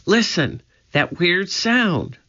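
A man's voice: high voice, sing-song, drawn-out words, sharp tone, voice pushed up, full character voice. A man voicing a bold, eager young girl adventurer who often whispers or cries out urgently. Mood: alert. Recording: dull lo-fi recording.

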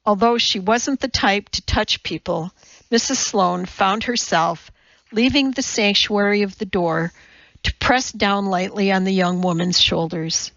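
A woman narrates a novel in an even, measured way. Her delivery is unhurried and gravelly, in a dry room. The recording has a dull, lo-fi sound. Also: medium pitch, no room sound. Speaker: audiobook narrator. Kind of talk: scripted narration.

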